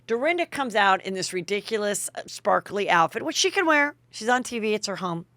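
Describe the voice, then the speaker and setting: A woman's voice: medium pitch, expressive, brisk, a bit bright, dry recording. A woman hosting a podcast, chatting gossip with sarcastic asides. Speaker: podcast host. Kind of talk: gossip commentary.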